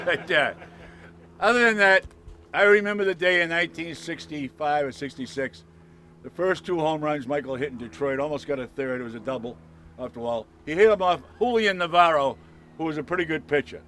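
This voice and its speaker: A man telling animated stories at an outdoor dedication, loudly acting out the voices of the people he quotes. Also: a little high, a little fast, slight background noise. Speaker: speaker at a dedication. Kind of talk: storytelling speech. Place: outdoor ballfield ceremony.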